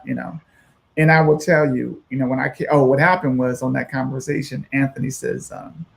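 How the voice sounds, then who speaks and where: A man's voice: mid-range voice, fairly quick, vocal fry. A man guest on a radio show, telling a long story with lots of "you know" and acted-out quotes. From United States. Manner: animated, acts out quoted voices, many fillers. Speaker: musician guest.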